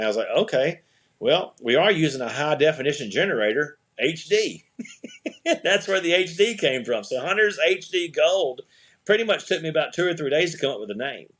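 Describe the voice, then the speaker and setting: In a casual podcast interview, a middle-aged man who runs an eyewear company spins a meandering tale, restarting sentences and voicing the dialogue he quotes. His voice is on the high side, sing-song and fairly bright, at a moderate pace.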